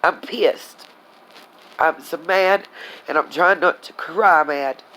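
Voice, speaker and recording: A woman's voice: deep voice, takes it slowly, a bit bright, poor audio. A woman, angrily venting to her viewers in a casual vlog, blunt and heated, talking to them as y'all. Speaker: vlogger. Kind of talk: angry casual vlog rant.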